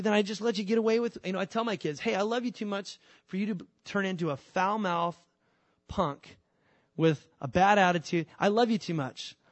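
Animated pastor guy preaching, highish voice, dry close sound. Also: no room sound. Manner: animated, acts out voices of God and his kids. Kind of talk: sermon.

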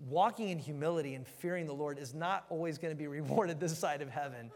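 A man in his thirties giving a casual, joking verse-by-verse Bible teaching in a church hall. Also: a little high. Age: 30s. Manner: conversational, joking, animated storytelling. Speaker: preacher. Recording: long hall reverb.

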